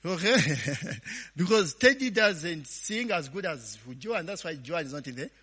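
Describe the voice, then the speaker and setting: Lively Ugandan pastor in an echoing hall. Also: male voice, high voice, unhurried, slightly rough. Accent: Ugandan English. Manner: lively, laughing, asks the congregation to finish his sentences. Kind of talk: conversational sermon with call-and-response questions. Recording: long hall reverb.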